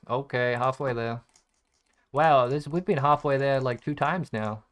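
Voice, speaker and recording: A man talks over his gameplay in a loose, rambling way, peppering it with swearing and dry sarcasm aimed at himself. His voice is smooth and resonant, sitting at an ordinary male pitch. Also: unhurried, a bit bright. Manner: rambling, profane, sarcastically self-deprecating. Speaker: gaming content creator. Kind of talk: casual gameplay commentary.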